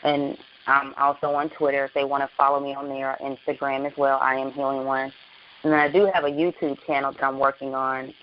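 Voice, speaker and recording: A woman's voice: a bass voice, little pitch movement, a little fast. An earnest woman speaking with real passion as a guest on an internet radio show. Her words carry a preacher-like conviction. The line sounds dull and lo-fi, with a faint hiss running underneath. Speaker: author and guest.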